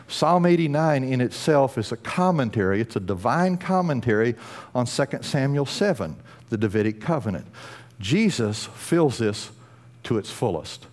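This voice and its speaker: A male pastor delivering a sermon in a church. His pitch sits in a middle register but swings widely, climbing high when he presses a point and sinking quiet and slow on the tender lines. The delivery is emphatic and earnest. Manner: emphatic, rising to bursts of intensity then dropping low and slow.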